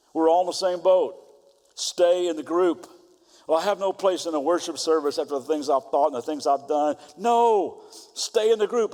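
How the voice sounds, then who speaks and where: A middle-aged man preaching a sermon as pastor, moving between fervent exhortation and quiet storytelling. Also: fairly high pitch. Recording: long hall reverb.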